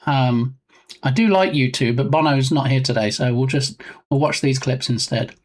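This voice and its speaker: A live-stream host chatting casually and joking with viewers, reading out viewer names as they go. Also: normal speed. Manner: lively swings in pitch. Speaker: livestream host.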